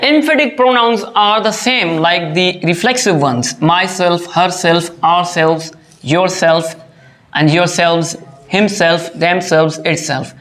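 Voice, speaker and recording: A grammar teacher giving a lesson to students, speaking slowly and repeating each phrase and example, often addressing them as dear students. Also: medium pitch, fairly bright tone.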